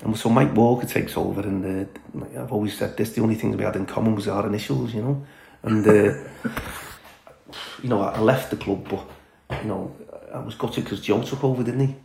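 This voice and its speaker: Gravelly low-voiced blunt man. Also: fairly even intonation, a little fast, warm tone, echoey room, poor audio. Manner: blunt, candid, chatty with many fillers and laughs. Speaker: former footballer, podcast guest. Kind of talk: casual storytelling chat.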